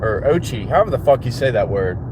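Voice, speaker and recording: A very animated man with a medium-pitched voice talks quickly to his livestream viewers while at work. As host, he rambles and jokes with lots of swearing, over loud vehicle and street noise.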